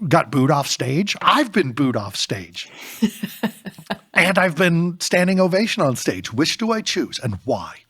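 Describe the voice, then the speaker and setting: A man co-authoring a book, talking in an animated way in a podcast discussion and firing off rapid rhetorical questions. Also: on the high side, slightly rough, no echo, studio quality. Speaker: co-author and speaker.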